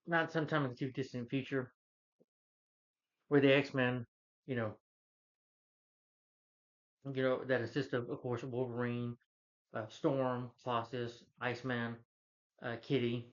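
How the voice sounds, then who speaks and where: A man's voice: medium pitch, highs cut off. A man giving a casual, rambling movie review, restarting sentences and quoting lines as he goes. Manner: rambling, restarts, hums the score and quotes lines.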